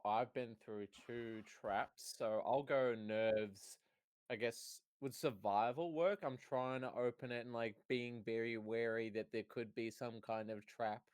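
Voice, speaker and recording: A man's voice: mid-range voice, slow pace, smooth, no echo. A man playing a tabletop game, wry and hesitant, with some fillers. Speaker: player. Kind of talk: tabletop game play, casual chat.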